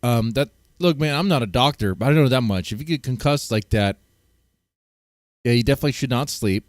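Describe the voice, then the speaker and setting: A man's voice: mid-range voice, lively intonation, a little fast. A man streaming and reacting to clips, joking crudely and rambling with restarts. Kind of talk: casual reaction commentary.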